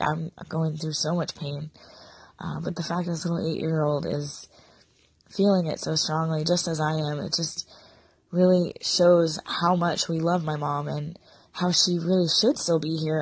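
A woman speaks in a low, flat, husky voice with gravelly fry, sounding sick and short of breath. She talks sadly and haltingly as a mother confiding a personal story. The recording is close and dry. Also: dry recording. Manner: sad, confiding, halting with fillers. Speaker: podcaster, mother. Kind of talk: personal monologue.

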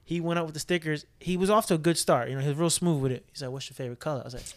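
A young man co-hosting a podcast, telling an animated story in casual chat and swearing freely. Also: fairly high pitch, very fast. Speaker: podcast co-host.

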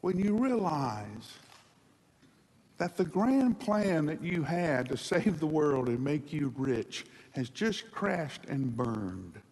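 A man preaching a sermon dramatically, moving between hushed passages and loud ones, in a large hall. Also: fairly high pitch, big pitch swings, slow pace. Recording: long hall reverb.

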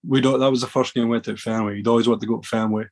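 A man's voice: mid-range voice, steady tone, racing, a little mellow. A man from Scotland, a podcast guest telling rambling stories with many restarts. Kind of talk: casual storytelling.

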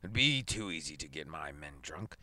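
A man reading aloud, voicing an aged, stern male astronomer in a gruff, hushed voice. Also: a bass voice, very animated, normal speed, no echo, voice pushed down, full character voice. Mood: grim.

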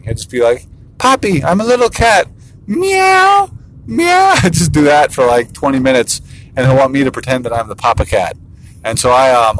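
A man's voice: mid-range voice, rough recording. A man in his thirties, a father and business owner, talking casually, laughing often and playfully mimicking his kids. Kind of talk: casual vlog monologue.

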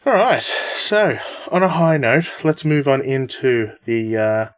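A man's voice: mid-range voice, very animated, a little slow, no echo. A man hosting a podcast in casual chat, upbeat and chatty, laughing often. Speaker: podcast host.

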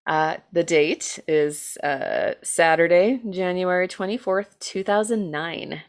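A woman's voice: lowish voice, animated, slow pace. An American woman co-hosting a true-crime podcast in casual chat, talking chattily with lots of fillers, self-deprecating jokes and the odd swear word. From United States. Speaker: podcast co-host telling a true-crime case.

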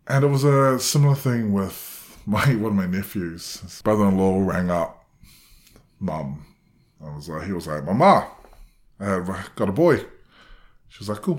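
A man's voice: lowish voice, a little mellow. A young man in his twenties tells a personal story in a wandering, self-deprecating way, acting out the voices of the people in it.

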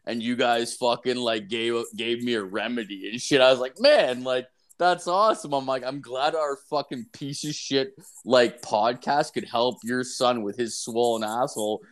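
This podcast co-host is a young man whose mid-range voice moves at a moderate pace with hardly any pauses. He chats casually, spinning crude anecdotes full of heavy swearing and filler words.

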